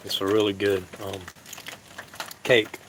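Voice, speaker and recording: A man's voice: fairly low pitch, completely flat delivery, noisy background. Easygoing man chatting on a live stream. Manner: halting, easygoing, many fillers and restarts. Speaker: live-stream cooking host. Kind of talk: casual live-stream chat to viewers.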